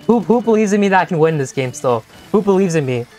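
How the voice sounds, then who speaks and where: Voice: medium pitch, expressive, fast, darkish tone, faint music behind. A young-adult game streamer chatting playfully with viewers during a live session, laughing often and teasing the chat.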